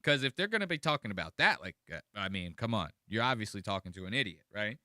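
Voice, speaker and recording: A man giving casual reaction commentary on a video, animated and mocking, swearing often. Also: fairly low pitch, fast, dry recording, studio quality.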